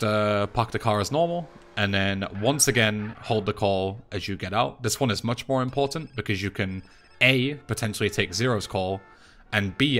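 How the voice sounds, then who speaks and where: A young man with an English accent, talking through a speedrun tutorial voice-over in a relaxed, chatty way, with plenty of fillers and restarts. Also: fairly low pitch. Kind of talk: casual game tutorial voice-over.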